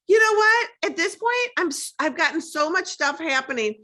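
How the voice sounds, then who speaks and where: A woman from Minnesota with a Minnesotan accent, chatting animatedly as a guest on a video call, full of "like". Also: extremely high pitch. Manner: animated, quick, peppered with "like". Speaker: guest, comedian and activist. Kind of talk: casual video-call chat.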